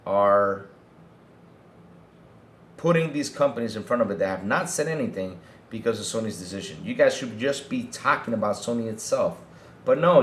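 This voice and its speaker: A man's voice: medium pitch, fairly bright tone, echoey room. A man hosting a livestream podcast, ranting heatedly to his chat and often repeating himself. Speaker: podcast host.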